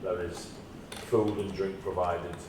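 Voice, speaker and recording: A man narrating a tabletop game as game master, relaxed and rambling with ums. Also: deep voice, slow. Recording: echoey room, mic far off, noisy.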